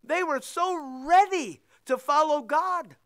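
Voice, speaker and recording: A man's voice: very high voice, slow pace, a bit bright, no room sound, studio quality. A male pastor preaching a sermon and leading a closing prayer, impassioned and emphatic, repeating phrases for weight and quoting scripture.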